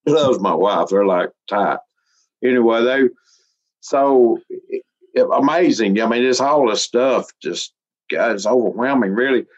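This middle-aged man is being interviewed, and his mid-range voice moves at a measured pace as he spins a story in easygoing, folksy talk. He chuckles a lot and at times comes close to tears. The recording sounds slightly muffled.

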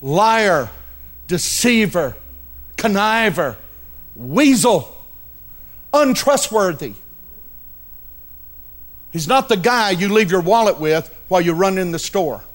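A man's voice: high voice, expressive, takes it slowly, pauses often. A male pastor preaching a sermon, telling a story dramatically and addressing the congregation directly.

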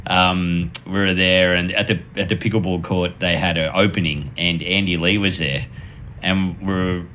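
A man's voice: deep voice, normal speed, a little hiss or hum. A man telling casual stories on a podcast, laughing often and acting out the people he quotes. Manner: animated, laughs often, acts out quoted voices. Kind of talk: casual storytelling chat.

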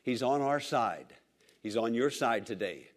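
A man's voice: mid-range voice, expressive, a little slow. A man preaching a sermon, repeating phrases emphatically and calling for responses from the congregation. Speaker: pastor.

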